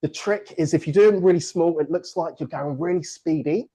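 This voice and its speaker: A man's voice: on the high side, a little fast, husky. A man hosting a virtual book launch on a video call, playful and jokey, leading party games and sometimes out of breath. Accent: non-American English. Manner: lively, playful, jokey, breaks into laughter. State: out of breath at times.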